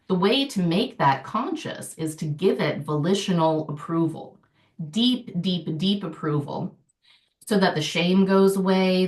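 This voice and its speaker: A middle-aged woman with a lower voice talks as a podcast guest, animated and quick to laugh. Her voice sits back from the mic in a roomy, echoing space. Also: distant mic. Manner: animated, laughing often, lively storytelling. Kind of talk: casual podcast conversation.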